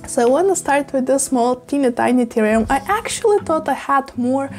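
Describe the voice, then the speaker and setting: A woman's voice: sits high, animated, brisk, a little mellow, faint music behind. A woman chatting casually in a vlog, sick and with her voice just coming back, tired and laid back. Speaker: plant vlogger.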